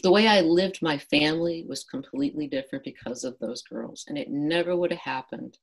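A woman's voice: deep voice, brisk, gravelly, rough recording. A middle-aged woman, a guest author, earnestly telling a personal story in an interview and acting out her past dialogue.

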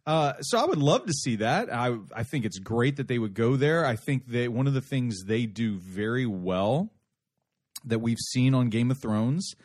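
A man co-hosting a casual podcast chat, speaking in a measured, thoughtful way. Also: mid-range voice, animated, a little mellow, dry recording, studio quality. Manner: measured, thoughtful, cautious about rumors. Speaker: podcast co-host.

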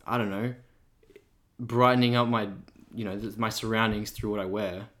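A young man co-hosting a podcast, talking casually and thoughtfully with a croaky, sore voice. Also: lowish voice, fairly even intonation, normal speed, fairly bright tone. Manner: thoughtful, rambling with restarts. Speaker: podcast co-host. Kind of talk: casual chat.

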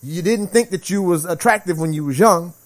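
In his forties, this podcast co-host chats casually in a high-pitched voice at a brisk clip. He's animated, emphatic, and slangy, acting out the voices of people he quotes.

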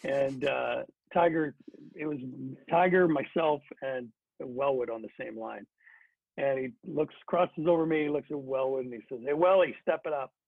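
In a dry, phone-like recording, a middle-aged former hockey player with a creaky, mid-range voice tells a story at normal speed. He's casual and talkative, leaning on fillers and frequently starting over.

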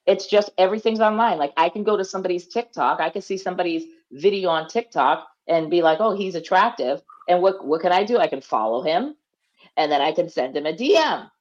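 A woman's voice: lowish voice, animated, brisk, highs cut off. A woman co-hosting a casual chat, frank and blunt as she tells stories. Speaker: podcast co-host.

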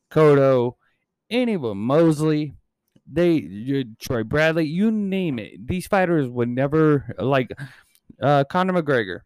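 A man in his thirties who hosts a podcast and channel rambles through a casual chat, swearing heavily throughout. His medium-pitched voice is smooth, resonant and a little mellow, recorded close and dry with no room sound.

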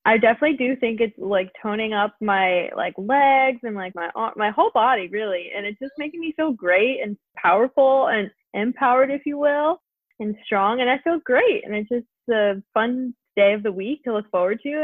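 A woman's voice: fairly high pitch, moderate pace, dry recording. A woman in her twenties co-hosting a podcast over a video call, chatting enthusiastically and giggling, with many fillers. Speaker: podcast co-host. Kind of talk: casual chat. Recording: tinny dry phone-like call audio.

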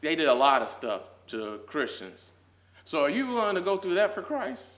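Speaking at a moderate pace with a high-leaning, very animated voice, a young man gives a casual Sunday school Bible lesson. He peppers his slang with "like"s, laughs frequently, and works himself up to near shouting. The recording has an echo.

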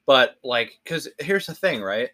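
A man's voice: mid-range voice, expressive, a little slow, bright, forceful tone. A young man hosting a podcast, ranting casually in a profane, rambling, emphatic way. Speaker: podcast host. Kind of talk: casual rant.

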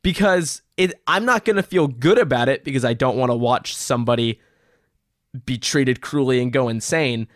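A man's voice: medium pitch, normal speed, no echo, clean studio sound. A man recapping a movie plot on a podcast in casual chat, blunt, profane and sarcastic. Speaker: podcast co-host reviewing a movie.

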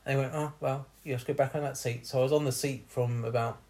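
A young man tells a rude, funny story to his co-hosts. He keeps laughing and bursts into lively retellings of what everyone said. His voice sits at an ordinary pitch. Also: fast. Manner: laughs often, bawdy, animated retelling. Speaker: podcast host telling a story. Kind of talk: casual comic storytelling.

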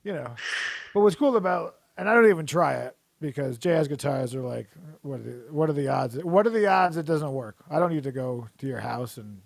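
A man's voice: on the high side, expressive, a little fast, creaky, dry recording, clean studio sound. A man co-hosting a casual chat, rambling and joking, often breaking into laughter. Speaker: podcast co-host.

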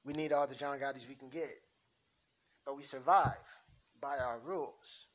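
A man reading a script aloud, playing a stern, measured crime boss laying down the rules in an amateur script reading. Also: medium pitch, fairly even intonation, pitched above the performer's own voice, lightly acted. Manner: measured, authoritative.

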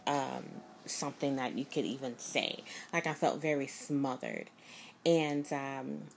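A woman's voice: low-pitched, a little hiss or hum. A woman telling a personal story in a casual, rambling, emphatic way, repeating herself as she goes. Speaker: vlogger.

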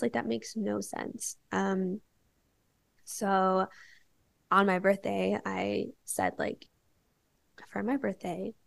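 A woman's voice: mid-range voice, lively intonation, unhurried, gravelly. A young woman, a podcast guest, telling a candid personal story in casual chat, filling her talk with "like". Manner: candid storytelling, many filler "like"s.

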